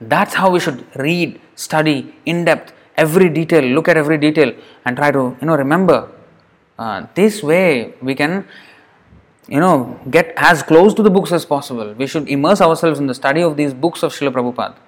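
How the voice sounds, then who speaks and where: A man's voice: on the high side, normal speed. A man teaching a devotional scripture class in a slightly raised voice. He speaks earnestly and often says a word twice to drive the point home. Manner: earnest, repeats words for emphasis. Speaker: lecturer.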